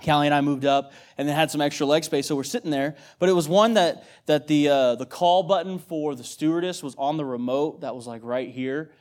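A man in his thirties delivers a sermon in a casual, talkative style, stumbling over repeated words as he goes. His voice sits a touch high for a man, and he keeps turning to the congregation with questions. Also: fairly even intonation, fairly quick, few pauses, a little mellow. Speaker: missionary preacher.

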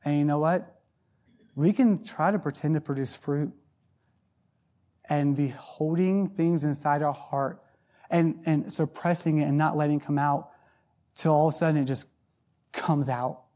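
A middle-aged man preaching a sermon, telling a personal story in an animated way and often repeating words as he starts a sentence. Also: a little high, measured pace, pauses often.

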